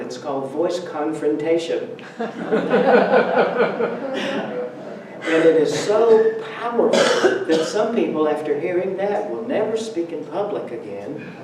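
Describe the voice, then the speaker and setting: In a church sanctuary, a man whose voice sits on the high side delivers a Sunday talk full of funny, conversational stories and laughter. Background noise is present, and the recording has the spacious sound of a large hall with the speaker well away from the microphone.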